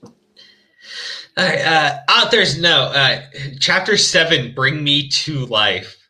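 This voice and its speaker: A man's voice: on the high side, animated, takes it slowly, pushed and bright. A male streamer chatting casually and mockingly reading a fan story aloud, often laughing and stumbling over his words. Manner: laughing, crude, hesitant restarts.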